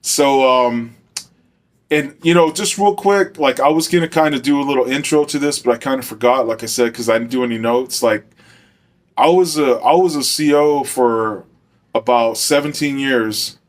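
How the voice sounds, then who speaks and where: Middle-aged man, ex-corrections officer, casual rambling storyteller, average pitch. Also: normal speed. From Arizona. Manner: loose and rambling, heavy on fillers. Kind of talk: casual first-person storytelling.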